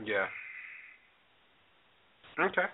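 A man hosting a call-in talk radio show, giving lively, lecturing commentary. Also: very slow. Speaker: radio host. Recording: tinny phone-like sound.

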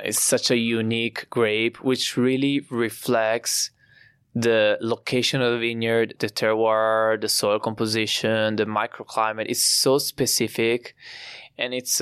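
A young Italian man with an Italian accent, explaining his family's winemaking with pride and frequent pauses. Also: mid-range voice, steady tone, a bit bright, smooth, dry recording, studio quality. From Italy. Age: young adult. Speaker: winemaker guest. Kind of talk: podcast interview.

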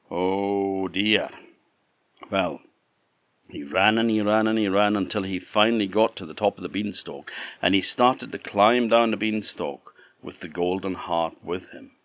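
A man from the Orkney Islands, telling a traditional fairy tale in an animated, conversational way with asides to the listener, on a dull, dry lo-fi recording. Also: sits low, no room sound. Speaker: storyteller. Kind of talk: traditional oral storytelling.

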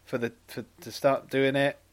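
A man's voice: mid-range voice, little pitch movement, moderate pace, dry recording. A man in his twenties, a bit tipsy on mulled wine, rambling through a story in casual chat and laughing often. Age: 20s.

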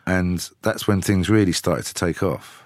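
A man, telling lively anecdotes with chuckles as a studio guest. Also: low-pitched, measured pace, no room sound. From England. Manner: lively, chuckling storyteller with frequent "you know". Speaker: musician, guest. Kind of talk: casual chat, anecdotal storytelling.

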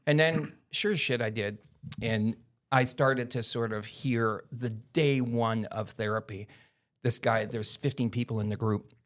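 A man's voice: medium pitch, measured pace. A man from Canada, a podcast guest telling a story in casual chat, blunt and profane, and acting out the people he quotes.

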